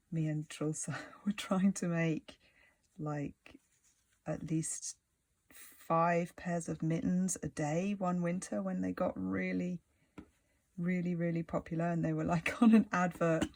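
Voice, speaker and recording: A crochet tutor talks through a stitch in a loose, rambling way and keeps muttering little asides under the breath. The voice has a gravelly, fry-edged texture. It is recorded close and dry, with no room sound. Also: medium pitch, dry recording. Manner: rambling, chatty, many "like" fillers.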